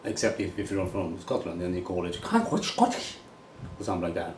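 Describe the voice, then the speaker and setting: Speaking at a normal speed, a low-pitched man from Sweden with a Swedish accent, a golf coach, rambles bluntly through a casual monologue, swearing as he goes. His voice is a little mellow and recorded from a distance in an echoey room with a faint hum of background noise.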